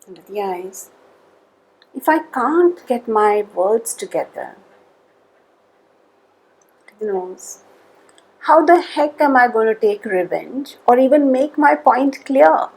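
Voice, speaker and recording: Tapping guide, female, unhurried delivery, husky tone, measured calls between statements. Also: on the high side, animated, darkish tone, low-quality recording.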